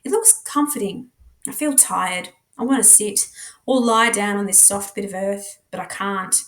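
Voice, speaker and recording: A woman with an Australian accent, a teacher reading a novel aloud with dramatic, expressive narration. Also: medium pitch, moderate pace. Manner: dramatic, shifts voice and pace for characters.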